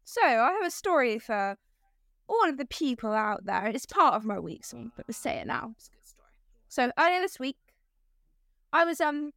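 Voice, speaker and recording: A woman's voice: high voice, big pitch swings, moderate pace, gravelly, long pauses, fairly bright tone, dry recording. A young woman, co-hosting a casual podcast and telling a story with lots of giggles. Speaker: podcast co-host.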